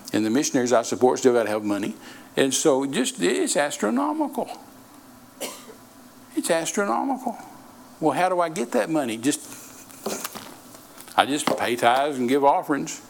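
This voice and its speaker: Gravelly older male preacher. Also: mid-range voice, sing-song, moderate pace, pauses often, a little mellow, slight background noise, poor audio. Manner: folksy and repetitive, with many restarts. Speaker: traveling preacher. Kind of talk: sermon.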